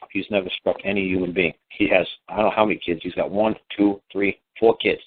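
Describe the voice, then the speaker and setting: A man's voice: low voice, fairly even intonation, brisk, hardly any pauses. A man, a talk show host, telling a long story in a casual, rambling way, repeating himself and swearing as he goes. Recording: tinny phone-line audio.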